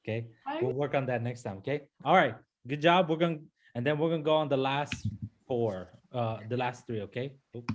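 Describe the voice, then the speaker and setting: This language teacher talks fairly quickly at a medium pitch while giving his class a pronunciation lesson. He's patient, repeating sounds and often asking "okay?" or "right?"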